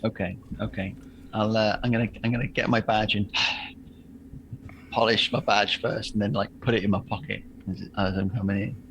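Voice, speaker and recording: A man's voice: lowish voice, little pitch movement, normal speed, fairly bright tone, muffled recording, a little hiss or hum. A man playing a tabletop game, rambling through his plans with frequent restarts. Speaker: player.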